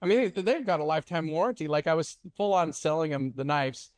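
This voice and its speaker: A man co-hosting a podcast, telling family stories in a lively, laughing way. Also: fairly high pitch, a little fast, no echo. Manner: animated, laughing storyteller. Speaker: podcast co-host. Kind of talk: casual storytelling chat.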